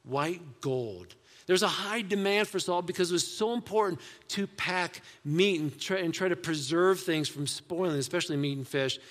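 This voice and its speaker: A man's voice: high voice, normal speed, a bit bright, in a large hall. A man preaching a sermon in a conversational way, asking the congregation rhetorical questions. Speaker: pastor.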